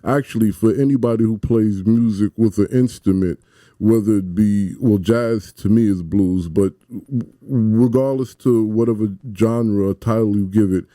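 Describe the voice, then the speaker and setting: A radio host speaks in a mellow, very dark voice, close and dry in the studio. He is eager and stammers through his questions, laughing easily. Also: lowish voice, moderate pace, no room sound. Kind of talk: radio interview conversation.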